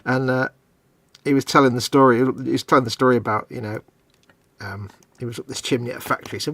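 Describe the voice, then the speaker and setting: Husky man chatting. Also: medium pitch, fairly even intonation, fast, a bit bright. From northern England. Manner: chatty, reads out viewer comments. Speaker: co-host of a livestream. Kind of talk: casual chat.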